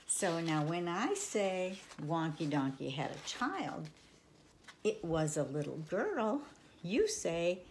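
Slow, lively-voiced older woman storyteller. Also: fairly low pitch, vocal fry, a little hiss or hum. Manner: playful sing-song reading with sudden soft whispers. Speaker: children's storyteller. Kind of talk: reading a picture book aloud to children.

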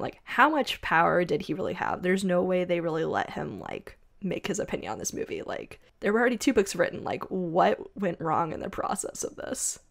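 A woman's voice: fairly low pitch, creaky. Chatty young woman podcast co-host. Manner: chatty, laughs easily, self-mocking. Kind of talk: casual chat.

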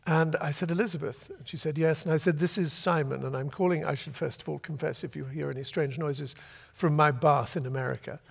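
An older man from Britain, an author telling a long, lively anecdote to a festival audience and acting out the voices he quotes. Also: on the high side, brisk, gravelly, few pauses, husky, big-room sound. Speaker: author guest. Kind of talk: storytelling at a festival talk. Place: festival venue before an audience.

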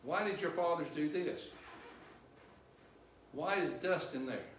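A male missionary preacher delivering a sermon, quizzing the congregation with questions and growing loud and emphatic at his peaks. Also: fairly high pitch, unhurried, slight background noise. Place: church sanctuary. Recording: roomy church echo, distant mic.

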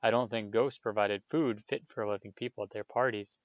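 A man reading aloud, voicing a cold, sneering male teacher who presses his suspicions slowly. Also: lowish voice, fairly even intonation, no room sound, muffled recording, close to an everyday voice. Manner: slow, sneering insinuation.

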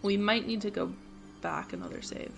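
A woman's voice: mid-range voice, wildly swooping pitch, normal speed, vocal fry, soft background music. A woman from California with an American accent, guiding a friend through a video game on stream. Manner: helpful, giving step-by-step directions. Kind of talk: casual game stream chat.

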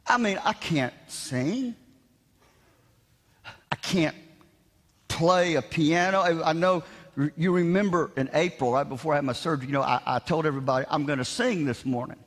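A man preaching a revival sermon, shouting with animated, self-mocking humor in a large church. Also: a little high, normal speed, long pauses. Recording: long hall reverb in church.

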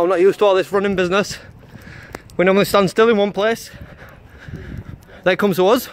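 A man's voice: sits high, fairly even intonation, brisk. A man filming on a city street with a handheld camera, talking casually and pushing back with repeated questions. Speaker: citizen journalist filming police.

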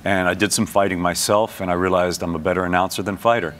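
A middle-aged man from Brooklyn, a sports announcer, chatting as a guest on a morning TV show, relaxed and full of fillers and restarts. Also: low-pitched, fast. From Brooklyn, New York. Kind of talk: casual TV interview chat. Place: TV studio.

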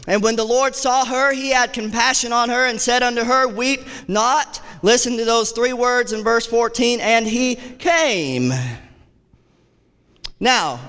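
A man preaching a sermon as associate pastor, with impassioned delivery that repeats phrases and rises to shouts. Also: extremely high pitch, smooth. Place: church sanctuary. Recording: church hall reverb.

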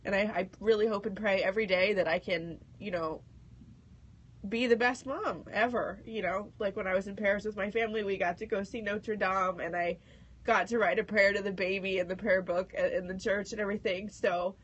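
A woman's voice: mid-range voice, steady tone, a little fast, breathy edge, dull audio. A woman radio co-host sharing big personal news on air, nervous and tearful, laughing through her words. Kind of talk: emotional on-air announcement.

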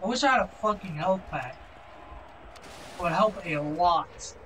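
A man's voice: sits high, animated, unhurried, bright, forceful tone, a little hiss or hum. A young man giving casual gameplay commentary, swearing and grumbling in frustration. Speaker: gaming video creator. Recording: game music playing behind.

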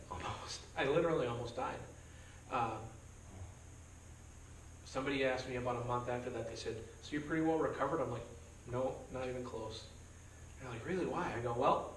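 Recorded from a distance in a roomy church meeting space, a pastor leads a relaxed Bible study verse by verse, adding jokes and performing quoted voices. His voice is medium in pitch, with slight, faint background noise.

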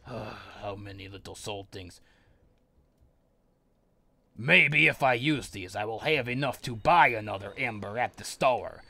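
A man's voice: on the low side, slow, creaky, bright, forceful tone. Profane ranting man gaming. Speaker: gamer. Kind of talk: let's play commentary.

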